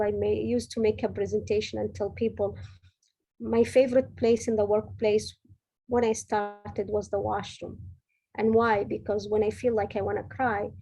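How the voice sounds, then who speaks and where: A middle-aged woman, a senior director, gives an earnest, direct motivational talk offering advice to women at work, frequently correcting herself mid-sentence. Her voice sits a little high, with vocal fry and a dark, husky tone. The recording quality is low.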